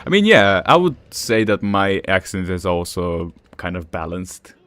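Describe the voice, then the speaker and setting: Low-voiced man with an Eastern European accent. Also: sing-song, a little slow, fairly bright tone. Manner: rambling, chatty, with frequent fillers and chuckles. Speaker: gaming streamer. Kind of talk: casual gameplay commentary.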